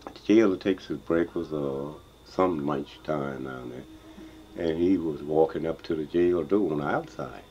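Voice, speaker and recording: An older man with a Texas Southern accent, telling a folk story in a slow, drawling, chuckling way. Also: a bass voice, mellow, a little hiss or hum. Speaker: blues songster and storyteller. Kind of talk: folksy spoken storytelling. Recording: dull lo-fi field recording with guitar.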